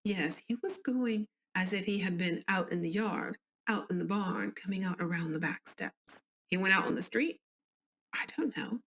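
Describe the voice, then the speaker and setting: A woman's voice: mid-range voice, normal speed, a bit bright, natural voice. A woman with a Southern US accent reading the testimony of an older woman neighbor at an inquest, plainly and politely.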